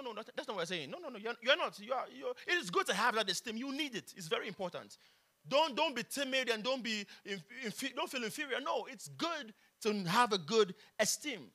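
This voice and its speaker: A man preaching with a high, very bright voice. His pitch swings widely as he drives home his points, repeating key phrases again and again. The delivery is an emphatic pulpit sermon.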